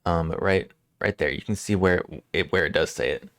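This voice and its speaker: A man streaming live, chatting casually with frequent chuckles and halting restarts as he rambles. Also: sits low, fairly bright tone, no echo, clean studio sound.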